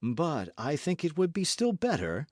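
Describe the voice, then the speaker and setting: A man's voice: fairly high pitch, wildly swooping pitch, a little slow, no echo, clean studio sound, voice pushed up, heavily acted. A man voicing a composed, scholarly musketeer with a precise, courteous manner, in an audiobook. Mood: thoughtful.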